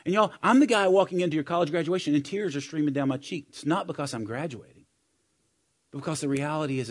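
A middle-aged preacher with a fairly high voice who speaks conversationally and shares personal stories. He rises to loud emphasis, then drops to quiet, intimate moments. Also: fast. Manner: conversational, personal storytelling, swings between loud and soft. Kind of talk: sermon.

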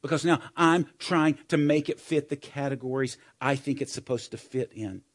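A middle-aged man preaching a sermon to men in a conversational, personal storytelling way, swinging between loud and soft. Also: mid-range voice, normal speed.

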